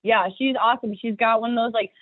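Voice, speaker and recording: A young woman rapper chatting casually as a podcast guest, excitable and profane, laughing often. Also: on the high side, fast, no echo. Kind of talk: casual chat. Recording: dry tinny phone-like audio.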